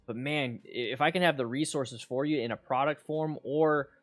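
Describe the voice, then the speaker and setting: A man hosting a casual livestream chat with viewers, excitable and rambling, repeating himself with bursts of hype. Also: medium pitch, normal speed, faint music behind. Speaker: motorcycle riding instructor and channel host.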